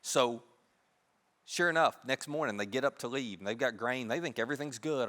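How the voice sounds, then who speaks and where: A man preaching a sermon, retelling a story in an animated, humorous, conversational way. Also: medium pitch, moderate pace, big-room sound. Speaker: pastor. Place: church sanctuary.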